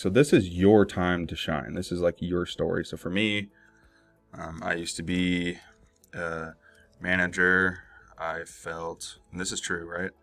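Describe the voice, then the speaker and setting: A man's voice: sits low, fairly even intonation, measured pace, a bit bright, soft background music. A young man walking through an email marketing tutorial in a loose, rambling way, full of fillers and self-corrections. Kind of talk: casual screen-share tutorial.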